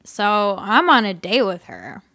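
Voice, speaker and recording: A woman voicing a drunk, indignant man from a bad date, slurring slow and ranting. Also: medium pitch, sing-song, sharp tone, dry recording, clean studio sound. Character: drunk belligerent adult male creep from a bad date.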